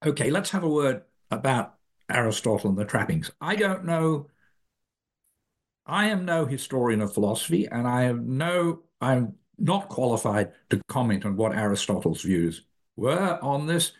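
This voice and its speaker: Lively-pitched man explaining patiently. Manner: measured and explanatory, self-correcting mid-sentence. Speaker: author and guest. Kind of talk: explaining ideas in an interview.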